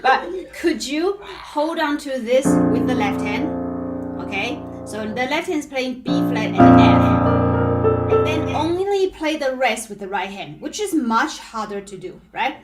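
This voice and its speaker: A woman's voice: sits high, lively intonation, unhurried. Patient woman piano teacher, echoey room. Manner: patient explaining, tags nearly every phrase with "right?". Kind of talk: live online piano lesson.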